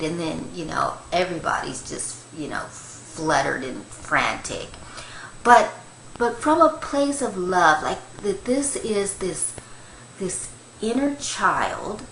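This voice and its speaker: An older woman, a grandmother, giving a gentle, rambling devotional talk on Christian meditation, with many fillers. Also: mid-range voice, roomy sound, a little hiss or hum, low-quality recording.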